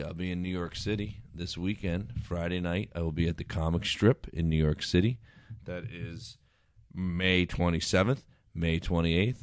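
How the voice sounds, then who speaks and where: A man's voice: low-pitched, clean tone, no echo, studio quality. A man who is a comedian and guest on a podcast, chatting casually and cracking crude jokes.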